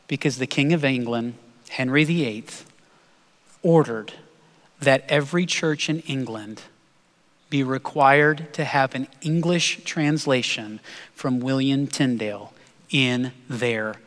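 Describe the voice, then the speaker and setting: A man preaching a sermon as pastor, telling a story earnestly and slowing down for emphasis. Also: mid-range voice, a bit bright. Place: church sanctuary. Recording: long hall reverb.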